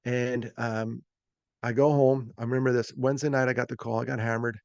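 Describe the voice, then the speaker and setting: A man's voice: mid-range voice, flat delivery, fairly quick, gravelly, a little mellow, no room sound. Middle-aged man from New York, folksy self-deprecating storyteller, muffled dry call audio. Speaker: speaker. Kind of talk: storytelling talk. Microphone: video call.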